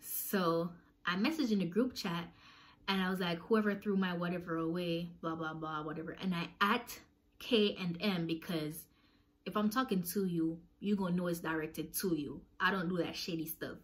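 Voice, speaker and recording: A young woman casually telling a storytime, talking animatedly and swinging her pitch as she acts out what people said. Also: moderate pace. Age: young adult.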